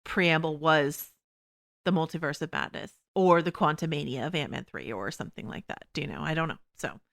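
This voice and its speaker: A woman hosting a podcast, talking quickly and casually, full of fillers and laughs. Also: low-pitched, creaky, fairly bright tone. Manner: quick, chatty, full of "you know" and laughs. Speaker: podcast host. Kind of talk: casual TV discussion chat.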